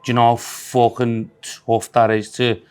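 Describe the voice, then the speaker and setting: Scouse male co-host, casual sweary self-mocking banter, mid pitch. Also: little pitch movement, measured pace, darkish tone, clear, resonant tone. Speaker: podcast co-host.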